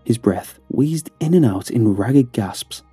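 A man's voice: mid-range voice, animated, slow pace, mellow, breathy edge, faint music behind. A man narrating a first-person horror story in a tense, dramatic storytelling manner.

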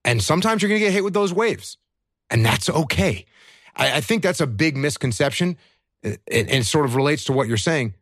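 A man's voice: fairly high pitch, very animated, a little fast, fairly bright tone, no echo, clean studio sound. A man, a veteran who has lost friends, talking earnestly to other veterans about emotions. He asks himself questions, answers them, and repeats his key points. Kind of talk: earnest conversational advice.

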